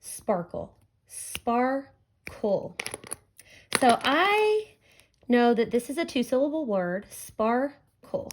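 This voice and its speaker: A woman teacher giving a recorded phonics lesson to children, speaking clearly and drawing out each sound. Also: fairly high pitch, very animated, slight background noise. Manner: slow, clear, stretching out sounds for young learners.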